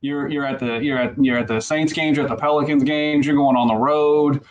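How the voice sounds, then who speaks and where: A man hosting a podcast, talking in a relaxed, halting way with many restarts. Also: mid-range voice, dull audio. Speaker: podcast host. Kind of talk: casual chat.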